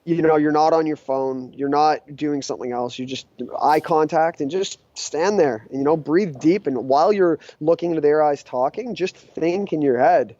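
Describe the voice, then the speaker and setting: A man in his thirties, a guest entrepreneur, chatting casually in a relaxed surfer-style way. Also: fairly high pitch, moderate pace, hardly any pauses, dry recording, lo-fi sound. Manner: laid-back, says "dude" and "like" often. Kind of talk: casual interview chat.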